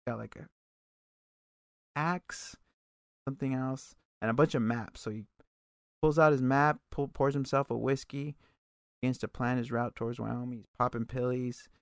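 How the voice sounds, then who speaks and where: A man with a gravelly, fry-laden voice talks through a recap in relaxed, casual chat. He is loose and profane, and he throws in quick asides. The sound is dry and close, with no room around it. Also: mid-range voice, no room sound. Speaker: podcast co-host recapping a TV episode.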